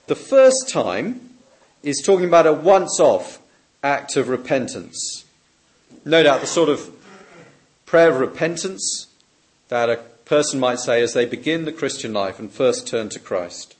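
A man preaching a sermon, measured and emphatic, lifting his voice on questions and dropping softly on key words. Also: mid-range voice, sing-song.

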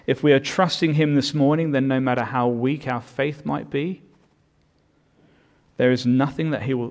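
A man preaching a sermon as pastor, earnest and building in volume on his key points. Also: mid-range voice.

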